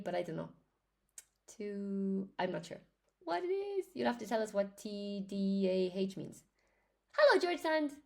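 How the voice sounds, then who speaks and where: A woman's voice: mid-range voice, vocal fry, a little mellow. A woman teaching English in a chatty live lesson, greeting viewers by name as she explains grammar.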